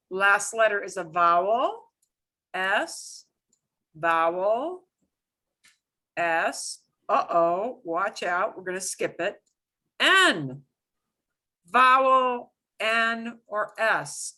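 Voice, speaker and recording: A woman's voice: medium pitch, bright, forceful tone. A middle-aged woman teaching a beginner Spanish lesson online, explaining rules step by step with playful exclamations.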